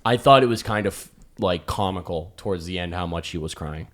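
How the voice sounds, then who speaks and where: A man's voice: low voice, a little fast. A young man co-hosting a comedy podcast, chatting casually, joking, laughing often and swearing freely. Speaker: podcast co-host and stand-up comedian.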